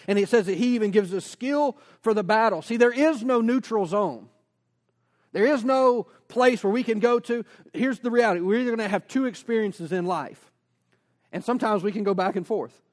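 A pastor preaches a sermon in a high-sitting voice, full of energy. He poses rhetorical questions and slips in casual personal asides.

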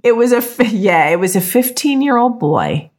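A middle-aged woman with a New Jersey accent, co-hosting a casual podcast chat and telling blunt, animated stories about her kids. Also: a little high, moderate pace. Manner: blunt, animated storyteller who acts out quotes. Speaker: podcast co-host.

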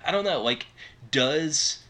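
A man's voice: a little high, animated, slow, pushed and bright. A man co-hosting a podcast, chatting casually about horror films with lots of fillers. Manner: rambling, filler-heavy. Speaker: podcast co-host. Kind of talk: casual chat.

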